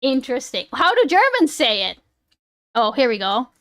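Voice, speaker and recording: A woman's voice: high-pitched, big pitch swings, normal speed, dry recording, clean studio sound. A woman streamer chatting casually, swearing and laughing as she fumbles over a word. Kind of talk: casual live-stream chat.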